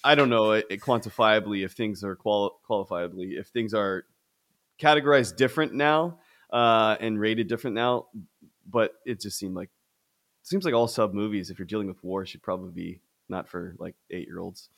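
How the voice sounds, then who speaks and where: A young adult man co-hosts a casual podcast about film, his voice fairly low and creaky at normal speed. His delivery is loose, rambling, and animated, with frequent restarts.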